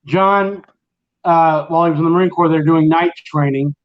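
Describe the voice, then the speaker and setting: A man's voice: on the high side, fairly even intonation, moderate pace, lo-fi sound. A middle-aged man hosting a casual late-night chat and telling a long, rambling story. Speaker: host.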